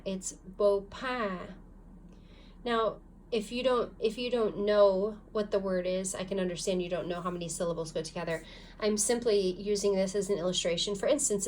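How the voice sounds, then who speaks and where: A woman's voice: medium pitch, slight background noise. A woman teaching a phonics lesson, patiently guiding learners step by step through reading syllables aloud. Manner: patient, guiding, gives clear step-by-step instructions. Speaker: language teacher.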